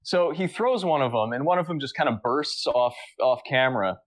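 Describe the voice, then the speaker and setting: A man co-hosting a comedic podcast, telling a made-up story in a halting, deadpan way with frequent restarts. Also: medium pitch. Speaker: podcast co-host. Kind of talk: casual comedic podcast chat.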